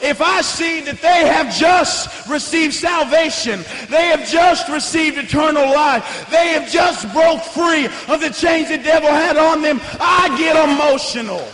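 A young man preaching a fiery revival sermon in a church, hollering and swinging between hushed lines and shouts. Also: very high voice, unhurried, few pauses. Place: church sanctuary. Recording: echoey church hall with long reverb.

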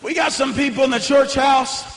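A young man preaching a fiery revival sermon in a church, hollering and swinging between hushed lines and shouts. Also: extremely high pitch, normal speed. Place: church sanctuary. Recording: echoey church hall with long reverb.

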